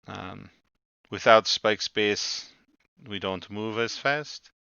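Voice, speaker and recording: A man's voice: on the low side, takes it slowly, vocal fry, bright, forceful tone, clean tone, dry recording, highs cut off, heavily acted. A man voicing a terse adult male starship pilot in a tabletop game, speaking in clipped, formal sentences. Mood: matter-of-fact.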